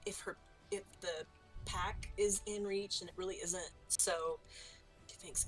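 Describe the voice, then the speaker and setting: A woman's voice: lowish voice, flat delivery, unhurried, faint music behind, rough recording. A woman playing a tabletop game online, thinking aloud hesitantly with many fillers. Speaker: player.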